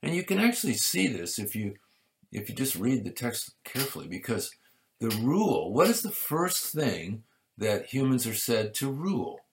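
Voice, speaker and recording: A man preaching a sermon in a measured way, rising to emphatic peaks and dropping to soft asides. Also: medium pitch, sing-song, creaky. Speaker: pastor.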